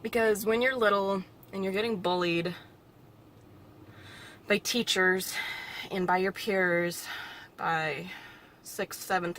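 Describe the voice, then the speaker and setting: A young woman vlogging alone, talking in a halting, reflective way with nervous little laughs, emotional and close to tears. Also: on the low side, fairly bright tone, slight background noise. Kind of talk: personal vlog monologue.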